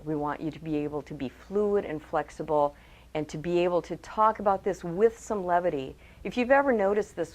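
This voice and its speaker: A communication trainer with a lowish voice gives a lively webcast talk on public speaking. She puts direct questions to her audience and acts out quotes in altered voices.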